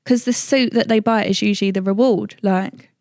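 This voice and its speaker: A woman's voice: mid-range voice, steady tone, normal speed, vocal fry, darkish tone, no echo, studio quality. A woman, a mother, chatting as a podcast guest in a direct, talkative way with plenty of filler words. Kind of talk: casual podcast chat.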